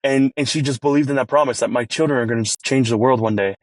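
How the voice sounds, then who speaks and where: A chef talking as a podcast guest, telling an emotional family story earnestly, with many restarts. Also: male voice, fast, dry recording. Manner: earnest, many restarts, rises in pitch when moved.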